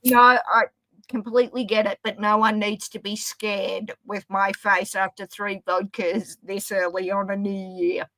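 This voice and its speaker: A woman's voice: medium pitch, flat delivery, unhurried, sharp tone, rough recording. A woman with an Australian accent, a guest on a video call, affectionate and self-deprecating, calling people my love and darling. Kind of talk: casual chat.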